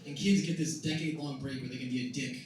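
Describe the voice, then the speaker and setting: A young man doing a stand-up set in a comedy club, telling wry stories that burst into loud exasperation. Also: mid-range voice, steady tone, quick pace. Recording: echoey club recording from a distance, loud noise. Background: audience laughter.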